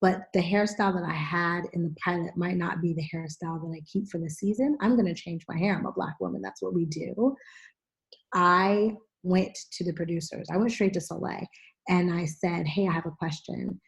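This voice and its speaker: A middle-aged woman hosting a podcast, telling stories in a casual, animated way and acting out what people said. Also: on the low side, normal speed, gravelly. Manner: animated storyteller, acts out quotes. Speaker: podcast host and actress. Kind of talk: casual chat, storytelling.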